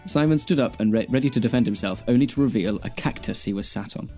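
A man's voice: mid-range voice, fast, soft background music. A man, a podcast co-host, reading a fan fiction aloud. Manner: deadpan reading, breaking into laughter.

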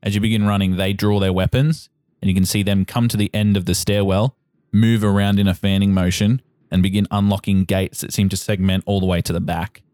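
A man narrating as game master of a tabletop game, in steady descriptive narration. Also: sits low, brisk, no echo, studio quality. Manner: steady, descriptive narration with repeated "you watch".

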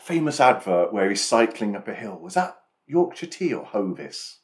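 Deep-voiced man with dry teasing humor. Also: big pitch swings, normal speed. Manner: dry, teasing, quizzing his co-host. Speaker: podcast co-host. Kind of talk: casual podcast chat.

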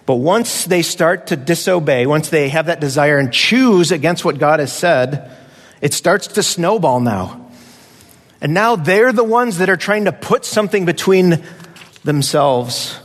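A man's voice: on the high side, animated, a little slow, long reverb tail. A man preaching a conversational sermon as pastor, now and then acting out voices of children.

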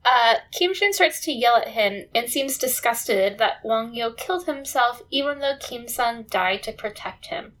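Laughing woman with a higher voice. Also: a little slow, hardly any pauses. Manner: relaxed storytelling with frequent laughs. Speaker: podcast co-host. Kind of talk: casual chat recapping a TV drama.

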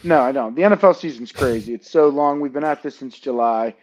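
A man's voice: medium pitch, brisk, darkish tone. A man co-hosting a casual podcast chat, teasing his teammates. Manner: joking, teasing banter. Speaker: podcast co-host, football player.

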